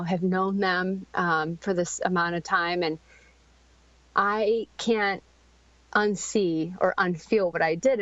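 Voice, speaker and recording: A middle-aged woman telling a painful personal story in a podcast interview, halting and searching for words, with frequent ums and restarts. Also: fairly low pitch, no room sound. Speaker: guest. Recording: dry, slightly dull podcast audio.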